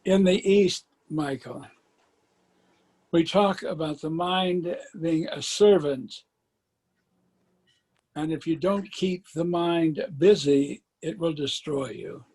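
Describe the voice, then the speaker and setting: A man taking part in a spiritual group call, sharing a comment in a measured, reflective way. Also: on the high side, a little mellow. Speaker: participant.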